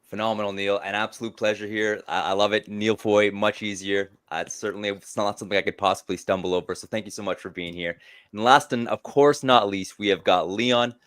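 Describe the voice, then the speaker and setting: A man's voice: fairly low pitch, steady tone, fairly quick, fairly bright tone, clean tone, dry recording, clean studio sound. A man hosting a panel discussion, welcoming each guest with effusive enthusiasm. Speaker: host.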